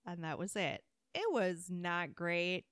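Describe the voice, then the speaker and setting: A woman co-hosting a casual talk show, telling stories in an animated way and laughing often. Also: lowish voice, takes it slowly, clear, resonant tone, no echo, clean studio sound. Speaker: podcast co-host. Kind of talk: casual chat.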